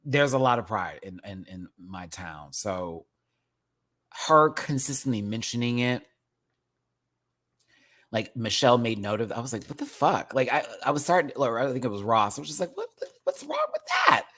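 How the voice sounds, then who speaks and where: A man from Houston hosting a casual livestream review, talking in an animated, campy and profane way with lots of fillers. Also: medium pitch, normal speed. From Houston, Texas. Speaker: livestream show host.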